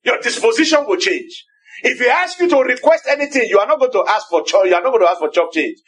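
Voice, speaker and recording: A man with a Nigerian accent preaching a sermon, firing repeated rhetorical questions and rising to emphatic shouts on key phrases. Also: very high-pitched, lively intonation, fast talker.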